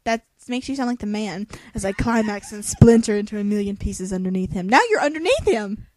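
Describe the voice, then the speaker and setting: A woman's voice: medium pitch, fairly even intonation, brisk, mellow. A young woman reading a novel aloud in a dramatic voice, breaking off for sarcastic jokes. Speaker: reader.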